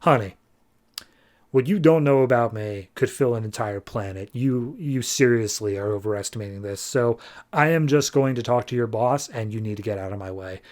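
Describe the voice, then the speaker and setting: A man voicing a cocky, dismissive male alien bounty hunter in a low, condescending tone. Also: moderate pace, a little mellow, close to an everyday voice. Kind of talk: casual recap with acted quotes.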